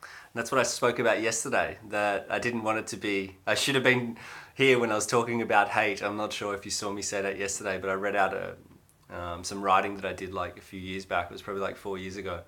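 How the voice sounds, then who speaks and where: A man's voice: on the low side, little pitch movement, fast talker, bright, forceful tone. A man in his thirties from Australia with an Australian accent, chatting casually to viewers on a livestream in a rambling way. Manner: rambling and chatty, with many fillers. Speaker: livestream host.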